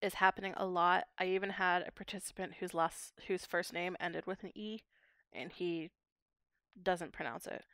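A woman's voice: on the low side, steady tone, moderate pace, fairly bright tone, clean tone, dry recording, clean studio sound. A young woman from Pittsburgh, a linguistics PhD student explaining her research in a podcast interview, articulate and academic. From Pittsburgh, USA. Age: young adult.

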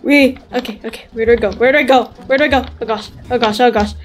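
A woman giving excitable gameplay commentary, squealing and laughing often as she plays. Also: fairly high pitch, quick pace, soft background music. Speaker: gamer.

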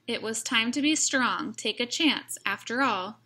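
A woman reads a rhyming picture book aloud and stops now and then to chat about the story. Her delivery is unhurried and gentle. Her voice is bright and sits a little high. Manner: gentle, slow, adds comments to listeners. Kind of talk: rhyming read-aloud narration with asides.

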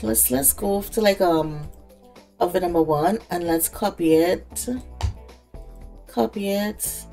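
A woman's voice: fairly low pitch, takes it slowly, creaky, pauses often, warm tone, faint music behind. A woman giving casual let's-play commentary, chatting away and talking to the game characters. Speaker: gaming creator.

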